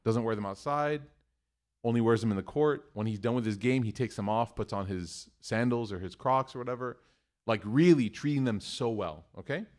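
Animated man telling family stories. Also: medium pitch, normal speed. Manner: animated storyteller acting out family dialogue. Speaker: religious teacher. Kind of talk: storytelling lecture to a live class.

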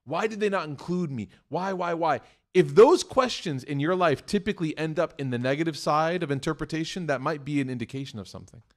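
Speaking fairly quickly in a voice on the high side, an Islamic preacher tells a story in a conversational sermon. He voices the characters with lively changes and keeps asking "right?" and "okay?".

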